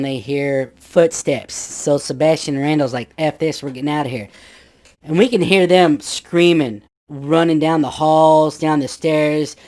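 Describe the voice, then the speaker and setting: A man's voice: a little high, darkish tone. A man in his fifties casually telling a ghost story from his youth, rambling with restarts and acting out his friends' voices.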